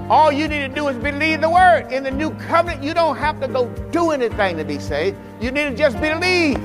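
High-voiced preacher shouting in a hall. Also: male voice, lively intonation, moderate pace. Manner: calls on the congregation to respond; shouting with emphasis. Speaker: pastor. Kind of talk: sermon. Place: church sanctuary. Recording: echoey church hall with music.

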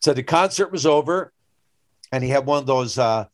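Older man, rambling storyteller, casual chat, middle pitch, dry room. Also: moderate pace, no room sound. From Newfoundland, Canada. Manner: rambling storyteller, animated when retelling anecdotes.

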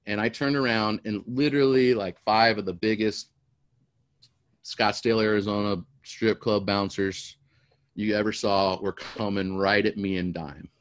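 Storyteller, middle-aged man, animated and rambling, dry close sound. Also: fairly low pitch, a little slow, smooth, no echo. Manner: animated, rambling, repeats words. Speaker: storyteller guest. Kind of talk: casual storytelling.

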